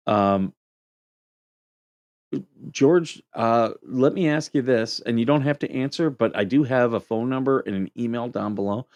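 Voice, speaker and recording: A man's voice: on the low side, darkish tone, no room sound, lo-fi sound. A middle-aged man, a Marine veteran, hosting a casual livestream, reading comments and telling joking stories. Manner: joking storyteller, laughs at own anecdotes.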